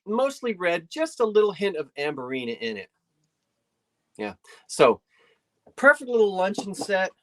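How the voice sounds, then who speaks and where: A woman's voice: medium pitch, very animated, normal speed, pauses often. A woman hosting a live online antiques sale from her home, chatty and folksy, often trailing off and restarting as she describes each piece. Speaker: online antiques auction host. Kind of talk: live sale stream presenting. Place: decorated home living room.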